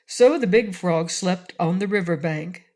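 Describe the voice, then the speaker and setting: A woman's voice: on the low side, measured pace. Woman reading a children's storybook aloud. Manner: steady read-aloud storytelling. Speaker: audiobook narrator. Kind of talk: storybook narration.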